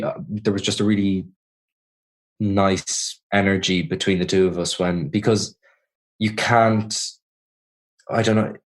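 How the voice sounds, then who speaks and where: Speaking in a low voice, a young Irish man in his twenties talks as an interview guest about his acting. His answers are thoughtful, though he frequently starts sentences over.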